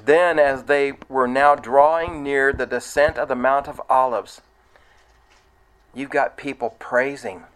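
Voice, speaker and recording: Male preacher, mid-pitched, plain delivery, verse-by-verse sermon that sometimes builds to loud excitement. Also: unhurried, poor audio. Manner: conversational, rising to loud excited retelling.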